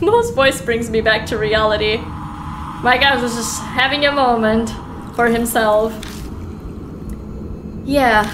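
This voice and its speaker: A young woman streaming a horror game, reading the text aloud with animated, giggly reactions between stretches of calm narration. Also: fairly high pitch, a little slow, pauses often, background noise. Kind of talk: reading a horror visual novel aloud while playing.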